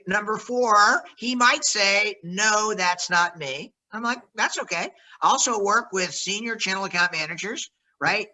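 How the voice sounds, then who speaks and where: A man's voice: high-pitched, bright, forceful tone, rough recording. A man leading a sales workshop, coaching trainees and acting out phone greetings with lots of energy.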